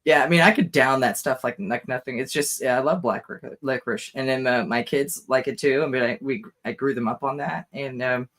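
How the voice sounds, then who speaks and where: A man co-hosting a podcast in casual chat, hoarse and tired, rambling with lots of fillers and frequent laughs. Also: mid-range voice, brisk, hardly any pauses, fairly bright tone. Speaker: podcast co-host.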